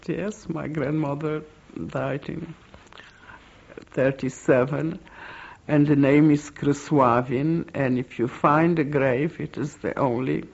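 An older woman from Poland, giving oral history testimony in an interview, speaking in a slow, halting, reflective way. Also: low voice, creaky, darkish tone. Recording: dull lo-fi recording.

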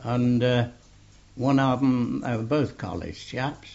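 An older man slowly telling an oral history story, full of fillers and a gravelly voice. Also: mid-range voice, darkish tone. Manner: slow rambling storytelling with many fillers. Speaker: interviewee. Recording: dull lo-fi tape recording.

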